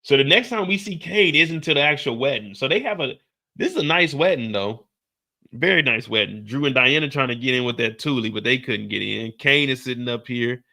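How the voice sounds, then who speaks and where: A man's voice: mid-range voice, lively intonation, brisk, bright, forceful tone. A man hosting a casual TV episode recap, telling it in a brash, profane style with personal asides. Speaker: TV recap host.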